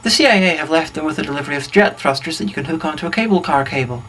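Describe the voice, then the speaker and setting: A man giving a dry, brisk plot summary for a film review. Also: fairly high pitch, lively intonation, fairly bright tone.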